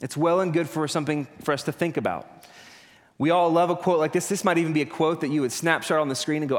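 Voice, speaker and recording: A man who is a pastor, praying and then preaching a sermon in an earnest manner, his voice climbing in pitch and force as he presses his points. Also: expressive, fairly quick. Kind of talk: prayer and sermon. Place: church hall. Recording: long reverb of a church hall.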